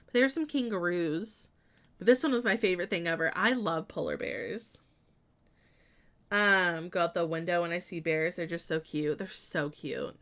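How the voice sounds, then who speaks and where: A woman's voice: fairly low pitch, moderate pace, fairly bright tone. A young woman streaming a building game, chatting casually with lots of fillers and giggles.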